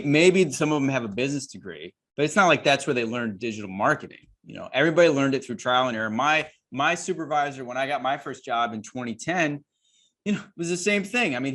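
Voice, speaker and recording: A man's voice: mid-range voice, lively intonation, a little fast, fairly bright tone. A man hosting an interview, talking emphatically and addressing his listeners as guys. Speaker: host and course creator.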